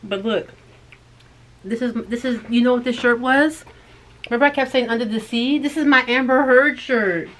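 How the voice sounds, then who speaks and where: A woman co-hosting a thrift vlog, chatting and joking with quick asides while still getting over an illness. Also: fairly high pitch, fairly bright tone. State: recovering from illness. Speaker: co-host of a thrift channel. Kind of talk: casual chat.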